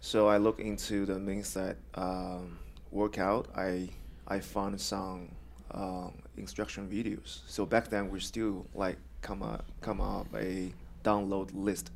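A man in his thirties with a Chinese accent, a guest on a podcast who speaks haltingly in simple phrases. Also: low voice, flat delivery, vocal fry, a little hiss or hum. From China. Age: 30s. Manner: halting, plain phrasing with pauses. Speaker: guest, coach and police officer. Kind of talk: podcast interview.

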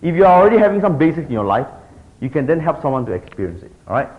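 Guy, middle aged, teaching a class, swoopy animated voice, keeps asking okay?, muffled lo-fi recording. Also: a little high, racing. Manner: animated, keeps checking in with the audience. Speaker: discipleship teacher. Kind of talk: teaching talk to a group. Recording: dull lo-fi recording.

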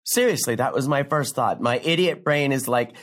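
A young woman playing a brash comic who delivers a rambling, sardonic, profane stand-up story with big leaps in pitch. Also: moderate pace. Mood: wry. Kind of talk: stand-up comedy monologue in a drama.

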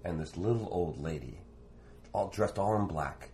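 A man's voice: low voice, moderate pace, slight background noise. A man from Canada, a former street performer, telling a rambling anecdote in conversation. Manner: rambling, animated anecdote with fillers. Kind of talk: storytelling in conversation.

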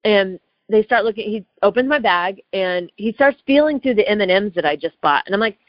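A woman's voice: mid-range voice, expressive, fairly quick, dry recording. A woman telling a personal story in a casual, heated way, often asking "right?" and tossing in "like". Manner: chatty, heated, lots of "like" and "right?". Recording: dull lo-fi dry recording.

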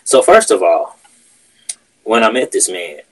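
A man's voice: low-pitched, big pitch swings, a little slow, breathy edge, poor audio. A man hosting a podcast, telling a workplace story in casual, profane chat. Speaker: podcast host.

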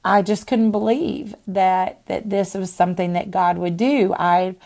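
A woman podcast host and minister telling a personal faith story in an earnest way, with pauses and restarts. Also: medium pitch, steady tone, creaky, darkish tone.

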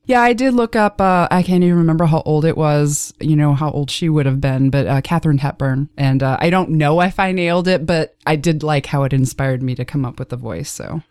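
A woman's voice: sits low, brisk, few pauses, darkish tone, no room sound. A woman from Texas with a faint Texas accent, chatting casually in an interview, laughing often and downplaying herself. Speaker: guest narrator.

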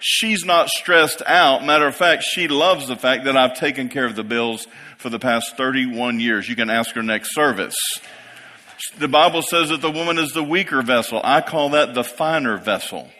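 A man's voice: medium pitch, moderate pace, bright, forceful tone. A man in his fifties preaching a sermon to a congregation in a church, building to emphatic peaks and checking in with the listeners. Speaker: pastor. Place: church sanctuary. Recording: long reverb of a large hall.

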